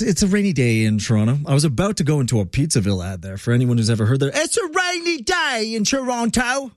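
A man's voice: mid-range voice, darkish tone, no room sound, clean studio sound. A man hosting a talk radio show, ranting in a conversational, opinionated way with fillers.

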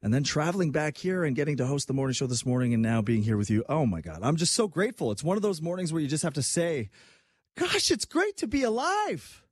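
An out-of-breath young man hosts a radio show, rambling excitably with lots of fillers. His pitch swings widely and his voice is a little husky. The sound is dry and close. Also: fast talker, hardly any pauses, no echo. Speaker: radio host. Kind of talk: casual radio show chat.

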